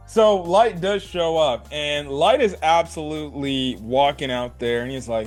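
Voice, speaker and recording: A man with a slightly high-pitched voice talks through an anime episode in a loose, rambling recap. His speech is slangy and full of filler words, and soft music plays faintly underneath. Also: unhurried, hardly any pauses. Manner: slangy, rambling, keeps adding "like", "bro" and "right". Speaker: anime reviewer.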